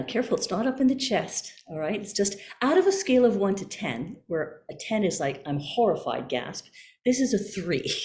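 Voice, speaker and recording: A woman voice coach leading a workshop over a video call, giving calm, gentle cues. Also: medium pitch, roomy sound. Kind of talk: guided workshop instruction.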